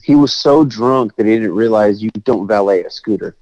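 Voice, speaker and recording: A man's voice: on the low side, normal speed, dry recording, lo-fi sound. Guy late 30s telling a wild story, swears a lot, acts out the voices, dry close sound. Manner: animated, swears freely, acts out quotes. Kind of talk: casual storytelling chat.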